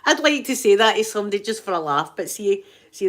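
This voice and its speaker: A woman's voice: medium pitch, expressive, fast. A Scottish woman hosting an ASMR channel, chatting casually with live viewers in a giggly, joking, rambling way.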